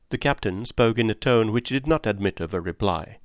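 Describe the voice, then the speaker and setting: A man narrating a classic adventure novel aloud in a steady, measured way. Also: lowish voice, dry recording, studio quality. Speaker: audiobook narrator. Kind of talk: scripted narration.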